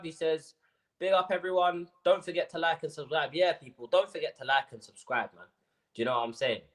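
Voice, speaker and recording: A young man hosting a football fan livestream, ranting casually with lots of slang and repetition. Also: a little high. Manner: animated ranting, slangy, repeats himself.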